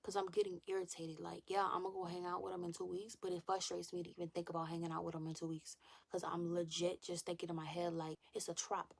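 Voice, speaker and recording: A woman's voice: fairly low pitch, level tone, fast talker, vocal fry. A young woman vlogger talking candidly and animatedly about faith and desire, repeating phrases and sometimes dropping to a whisper. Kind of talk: candid casual chat to camera.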